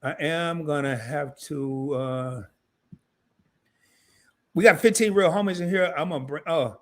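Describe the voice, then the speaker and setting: A man hosting a live stream, wrapping up the show with loose, slangy banter and quick asides to his viewers. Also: on the high side, a bit bright. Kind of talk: casual live stream sign-off.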